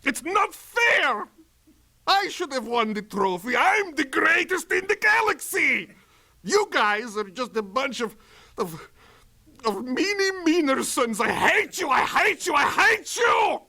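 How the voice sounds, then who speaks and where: A man's voice: big pitch swings, slow pace, bright, forceful tone, exaggerated voice. A man voicing a boastful, whiny alien villain overlord from a cartoon, swinging between grand boasts and tantrums. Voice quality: gravelly, swinging from booming to whiny. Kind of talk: cartoon voice impression.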